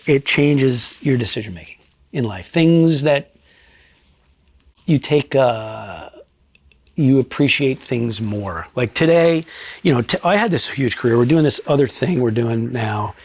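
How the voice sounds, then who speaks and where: Gravelly middle-aged man, blunt and candid. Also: mid-range voice, dry recording. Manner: blunt, profane, reflective. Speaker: retired state trooper and crime scene investigator. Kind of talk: candid sit-down interview storytelling.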